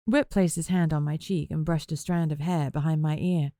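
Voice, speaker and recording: Woman reading a novel in first person, low voice, wry and chatty, dry close sound. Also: steady tone, moderate pace, hardly any pauses, dark tone, dry recording. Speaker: audiobook narrator.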